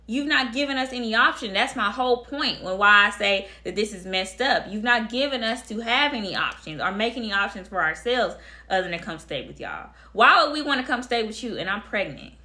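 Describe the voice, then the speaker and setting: A young woman recounts a personal story straight to camera. Her voice is bright and forceful, with a blunt, emphatic delivery that repeats phrases to drive each point home and keeps turning to speak right at her viewers. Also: medium pitch, lively intonation, fairly quick. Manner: addresses viewers directly. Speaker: storytime vlogger.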